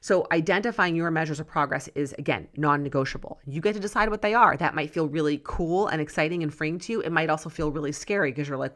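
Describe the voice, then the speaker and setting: A woman's voice: deep voice, fast, few pauses, fairly bright tone. A middle-aged woman hosting a solo podcast as a weight loss coach, talking earnestly and rambling, often checking in with "right?". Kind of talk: casual solo podcast monologue.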